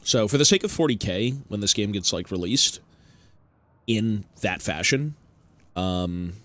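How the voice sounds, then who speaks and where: A man with a fairly low voice chats casually while streaming a game. His commentary is relaxed and offhand, loose with fillers. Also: a little slow, no echo.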